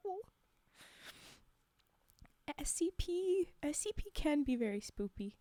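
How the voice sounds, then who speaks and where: A woman's voice: sits high, animated, unhurried, pauses often, dark tone, no room sound. A young woman streaming live, chatting casually and rambling with frequent giggles.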